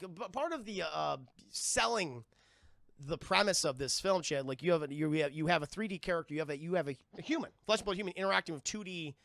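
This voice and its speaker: A man's voice: a little high, gravelly, bright, forceful tone, dry recording, studio quality. Profane, rambling young male streamer. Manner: profane, rambling, keeps addressing chat. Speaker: streamer, film reviewer. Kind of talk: casual live-stream review.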